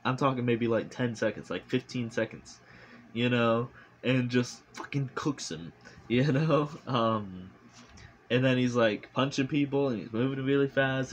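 A man reviewing a movie in a casual vlog, rambling and animated, full of fillers and swearing, recorded on a phone. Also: fairly low pitch, a little hiss or hum.

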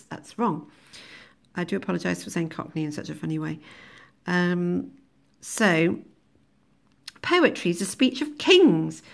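A woman's voice: fairly low pitch, vocal fry. A woman, teaching a recorded lesson on a poem, thinking aloud with many ums and laughing at her own jokes. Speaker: English teacher.

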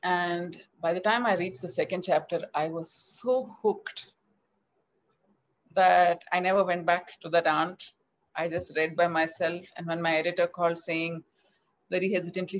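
A middle-aged children's author with an Indian English accent and a lowish voice tells a story at a moderate pace during an interview over a video call. She is animated and acts out the quoted dialogue, and the audio is slightly dull and lo-fi.

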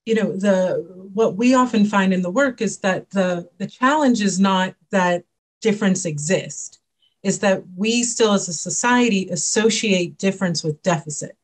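A woman speaks on a panel in a measured, thoughtful voice. Her pitch sits in a middle range. She builds her point step by step. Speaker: panelist, consultant. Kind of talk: panel discussion.

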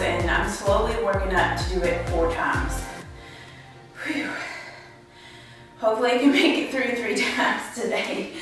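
A woman's voice: medium pitch, roomy sound. A woman narrating her day in a casual vlog at home, chatty and full of "like" and side remarks. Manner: chatty, sprinkled with "like" and trailing asides. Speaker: vlogger.

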